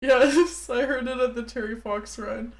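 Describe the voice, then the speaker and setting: A woman's voice: a little high, steady tone, a little slow. A woman in casual podcast chat, making wry asides and giggling.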